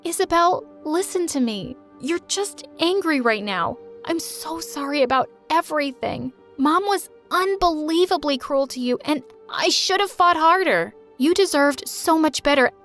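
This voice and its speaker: A woman's voice: high-pitched, animated, unhurried, hardly any pauses, fairly bright tone, faint music behind, voice pushed up. A woman voicing a young woman earnestly pleading with her estranged sister.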